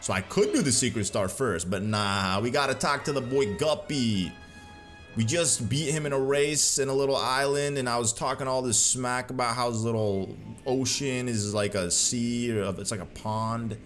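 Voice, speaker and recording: A man's voice: medium pitch, normal speed, a bit bright, soft background music. A man giving casual, joking commentary while playing a video game, full of slang and playful trash talk. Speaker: gaming commentator.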